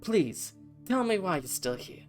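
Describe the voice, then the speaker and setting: A man voicing a portly human mercenary boss who shouts and curses in a fury. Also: on the high side, normal speed, faint music behind, voice pushed up, natural voice. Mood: furious. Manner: shouting, cursing, fuming.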